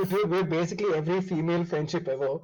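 A man in casual podcast banter, excited and laughing often. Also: on the high side, quick pace, low-quality recording.

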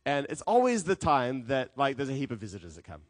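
A man preaching a sermon as a pastor, telling stories with lively acted quotes. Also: medium pitch, fast talker. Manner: animated storytelling with acted quotes.

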